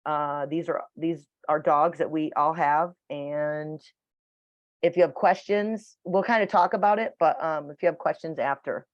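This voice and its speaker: A woman's voice: low-pitched, fairly even intonation, a little slow, no echo. A woman teaching a dog training class over a video call, chatty and matter-of-fact. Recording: dull dry video call audio.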